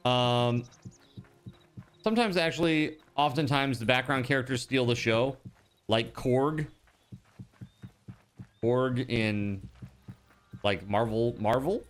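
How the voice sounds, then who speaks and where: A man casually chatting to his viewers while he plays a game, animated and rambling, with many fillers and restarts. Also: mid-range voice, takes it slowly, pauses often. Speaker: streamer.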